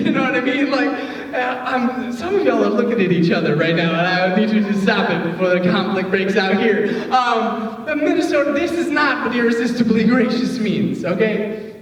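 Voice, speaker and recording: A youth pastor from Detroit giving a casual, joking sermon, chatty and full of filler words. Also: male voice, sits high, lively intonation, normal speed. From Detroit, USA. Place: church hall. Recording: echoey hall, voice from far off, faint noise.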